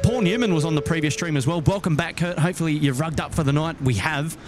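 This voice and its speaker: A man's voice: fairly high pitch, fast talker. A middle-aged Australian man hosting a live stream outdoors at night, reading viewer messages with many "uh" fillers and cheery thanks. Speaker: livestream host. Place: outdoors at an airport at night, windy. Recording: outdoor noise, wind and traffic.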